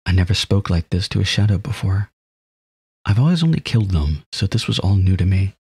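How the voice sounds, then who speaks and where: A man reads a visual novel aloud in the first person and breaks in with laughs and comments. His voice is low and very husky. The recording is dry and close, with no room sound. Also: expressive, brisk, a little mellow, no echo. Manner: laughs and comments between read lines.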